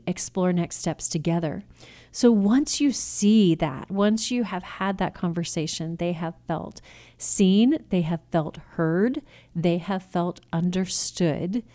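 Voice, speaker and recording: A woman's voice: on the low side, warm tone. A woman giving a faith-based teaching talk on family communication, earnest and coaching, acting out example phrases. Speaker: Christian family communication speaker.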